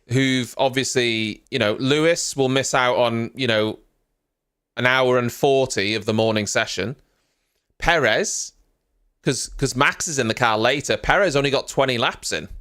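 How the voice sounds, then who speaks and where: Lively, chatty male live commentator. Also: mid-range voice, unhurried, clear, resonant tone. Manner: rambling, chatty, full of fillers and asides. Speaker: live reaction streamer. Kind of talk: casual live reaction commentary.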